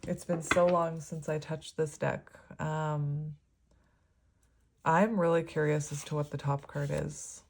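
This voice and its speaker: A woman's voice: low voice, fairly even intonation, takes it slowly, a little mellow, a little hiss or hum. A woman giving a casual tarot reading, talking in a rambling, filler-heavy way and easily moved. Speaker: tarot reader.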